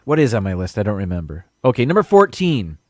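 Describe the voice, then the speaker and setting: A man's voice: on the low side, wildly swooping pitch, fast talker, no echo, clean studio sound. Rambling man hosting a live stream. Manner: rambling, reads viewer comments, stumbles over unfamiliar words. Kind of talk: casual live stream chat.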